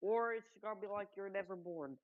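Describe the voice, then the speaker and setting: A woman's voice: mid-range voice, fairly quick, dry recording, phone-quality sound. A woman on a voice call with a streamer, bantering and teasing in a playful way. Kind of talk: casual voice chat banter.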